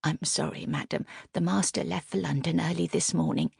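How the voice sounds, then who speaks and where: A woman's voice: deep voice, moderate pace, gravelly, a little mellow, husky, no room sound, studio quality, full character voice. A woman voicing a frail elderly male butler who answers respectfully and hesitantly. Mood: deferential.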